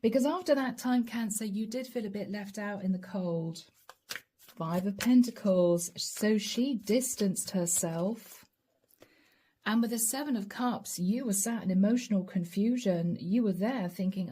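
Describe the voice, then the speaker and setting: Woman tarot reader, middle pitch, warm mellow tone, chatty, addresses the viewer directly. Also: a little slow, husky. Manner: chatty, laughs often, talks straight to the viewer. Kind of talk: casual tarot reading.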